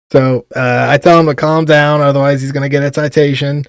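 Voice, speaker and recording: A man's voice: medium pitch, level tone, fairly quick, few pauses, smooth, no room sound, clean studio sound. A man, a police officer, telling stories in casual podcast chat and laughing often between lines.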